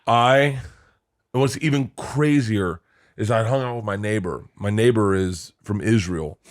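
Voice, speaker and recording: A man's voice: lowish voice, measured pace. Middle-aged male host, loose rambling storyteller, salty language, frequent laughter. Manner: rambling storyteller, swears freely, laughs often. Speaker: podcast co-host. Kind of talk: casual chat.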